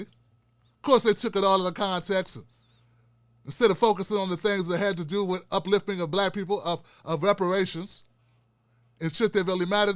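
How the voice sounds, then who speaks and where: A man's voice: high voice, fairly bright tone, dry recording, clean studio sound. A middle-aged man hosting his own show, delivering blunt, emphatic, profane commentary with lots of repetition. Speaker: show host. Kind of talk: impassioned solo commentary.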